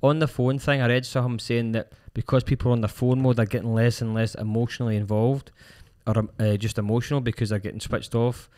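A man's voice: mid-range voice, little pitch movement, fast talker, few pauses, a little mellow. A man with a Scottish accent co-hosting a podcast, telling rambling stories in casual chat. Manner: rambling, storytelling with restarts. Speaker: podcast co-host.

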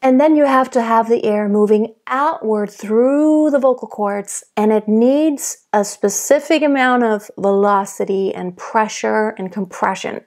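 A young adult woman giving a singing lesson, explaining technique calmly and demonstrating by singing. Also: on the high side, a little slow, hardly any pauses. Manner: calm, explanatory teacher who demonstrates by singing. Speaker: vocal coach.

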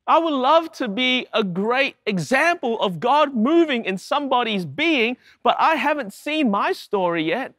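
A man's voice: very high voice, big pitch swings, a little slow, hardly any pauses, fairly bright tone, dry recording, studio quality. A man preaching a sermon to his congregation, emphatic, with repeated rhetorical questions. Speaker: pastor.

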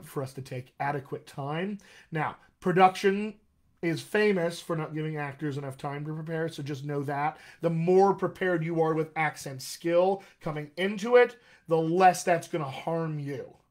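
Upbeat encouraging male dialect coach. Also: a little high. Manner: energetic, encouraging, addresses viewers as "my friends". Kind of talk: live-streamed coaching Q&A. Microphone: computer mic on a live video stream.

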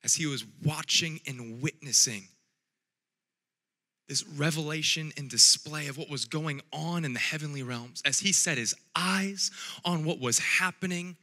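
A man preaching a sermon, reading scripture quietly and then building to loud, repeated calls. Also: on the high side, unhurried, big-room sound. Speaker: pastor.

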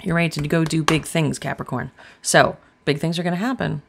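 Blunt lady doing a tarot reading vlog, kinda gravelly voice, swears a lot. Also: sits low, fairly even intonation, fairly quick, noisy background. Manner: chatty, blunt, swears freely. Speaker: tarot reader.

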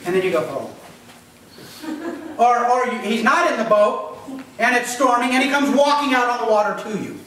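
A man's voice: extremely high pitch, lively intonation, quick pace, few pauses, bright, forceful tone, very echoey, distant mic, slight background noise, rough recording. A man preaching a sermon as pastor, talking conversationally, quizzing the congregation and acting out voices. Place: church.

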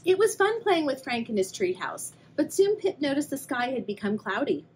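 A woman's voice: fairly high pitch, very animated, normal speed, hardly any pauses, husky, rough recording. A young adult woman, a children's librarian, reading a picture book aloud and asking the young listeners questions. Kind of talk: read-aloud storytime for kids.

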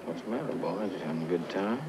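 Brief: actor as a deep-voiced taunting bully, noisy vintage film track. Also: male voice, fast, lightly acted. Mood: sneering. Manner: taunting, sneering. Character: sneering bigoted man taunting another. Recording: old film soundtrack with noise.

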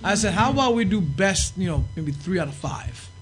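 A man's voice: high voice, normal speed, soft background music. A middle-aged man telling stories in casual, profane talk and acting out the voices of the people in them. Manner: profane, animated storyteller acting out quotes. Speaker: podcast guest. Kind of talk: casual storytelling.

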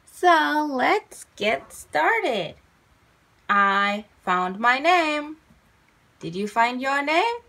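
A woman teaching small children English, talking in a slow, sing-song, encouraging way. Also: a little high, a bit bright. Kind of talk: kids' English lesson, sing-along and coloring.

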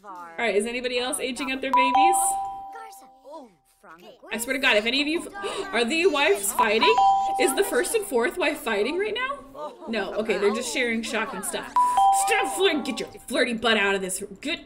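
Young woman streamer, high voice, excitable and chatty, loud game music underneath. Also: normal speed. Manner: excitable, gushing, talks to her chat. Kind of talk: casual live-stream commentary.

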